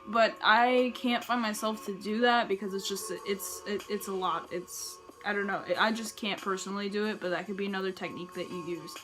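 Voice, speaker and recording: A woman's voice: mid-range voice, steady tone, brisk, hardly any pauses, fairly bright tone, soft background music. A young woman giving casual running tips in a chatty, rambling way, full of "like" and restarts. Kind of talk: casual advice vlog.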